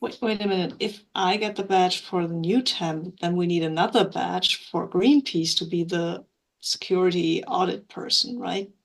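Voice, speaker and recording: A woman with a gravelly, creaky voice plays a tabletop game. She asks quick questions and corrects herself mid-thought. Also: on the low side. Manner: quick, playful, self-questioning. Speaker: player. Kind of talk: tabletop role-play chat.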